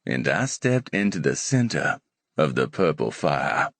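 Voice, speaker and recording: A man narrating a romance audiobook in the first person, steady and measured. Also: extremely low pitch, gravelly, dry recording.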